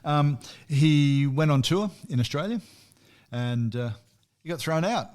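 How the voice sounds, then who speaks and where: A man's voice: a little high, lively intonation, unhurried, darkish tone. Anecdotal man presenting a music segment. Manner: anecdotal, chuckles at his own stories. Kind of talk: casual radio chat.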